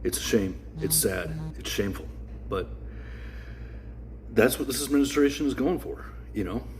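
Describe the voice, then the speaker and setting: A man explaining his theory in a measured way, with a resentful edge. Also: mid-range voice, lively intonation, slight background noise. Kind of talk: explanatory commentary.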